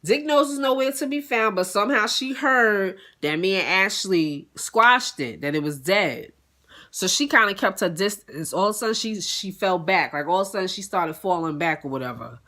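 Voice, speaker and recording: Bright-voiced woman telling a profane story. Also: mid-range voice, moderate pace. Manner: animated, profane, acts out other people's lines. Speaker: storytelling vlogger. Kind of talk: casual storytime monologue.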